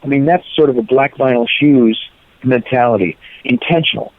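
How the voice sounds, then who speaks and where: A man's voice: medium pitch, normal speed, no room sound. An older man and musician, casually telling rambling stories in an interview and correcting himself as he goes. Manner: rambling, anecdotal, self-correcting. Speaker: musician guest. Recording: tinny phone-like line.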